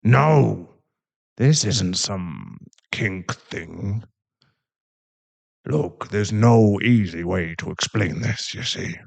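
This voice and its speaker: A man's voice: fairly low pitch, lively intonation, very slow, creaky, exaggerated voice. A man voicing a sheepish werewolf father with dad jokes who rambles in an audio role-play. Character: awkward gentle werewolf dad.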